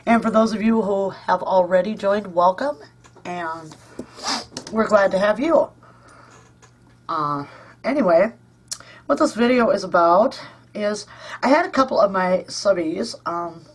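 A woman's voice: medium pitch, measured pace, long pauses, husky. A woman hosting a casual craft vlog at home, gushing and chatty with lots of ums and uhs. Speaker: crafting channel host.

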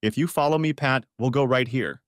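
A man's voice: medium pitch, fairly quick, dry recording, lightly acted. A man voicing a courteous, formal county sheriff in an audio-book story, dry and close. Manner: polite, accommodating, formal. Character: courteous middle-aged male county sheriff.

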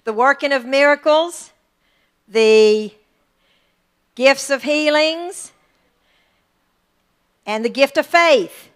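A middle-aged woman pastor, preaching a lively sermon and calling for amens from the congregation. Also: high-pitched, very slow, pauses often. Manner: excitable, lively preaching with call-and-response.

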